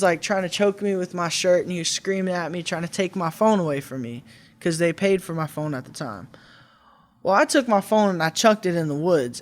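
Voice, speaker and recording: A man in his twenties, a podcast guest, telling his own life story in a candid, conversational way with some restarts. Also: high-pitched. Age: 20s. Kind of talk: personal storytelling.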